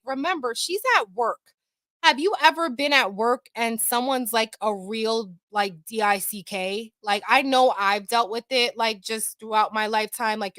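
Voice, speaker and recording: A woman's voice: on the high side, bright, forceful tone, dry recording, studio quality. A woman hosting casual commentary, talking bluntly and chattily with plenty of swearing. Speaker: commentary host. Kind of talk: casual commentary reading allegations.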